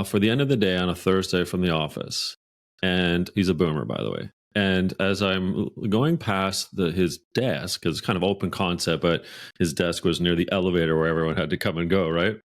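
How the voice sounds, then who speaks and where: A Canadian man, a podcast guest, telling a workplace anecdote in a lively, animated way. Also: deep voice. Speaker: guest author. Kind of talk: podcast storytelling.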